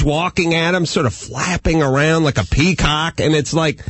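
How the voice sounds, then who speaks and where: A man hosting a casual comedic talk show, ranting animatedly and mimicking people in high yelping voices from a studio. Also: steady tone, fairly quick, few pauses, dry recording.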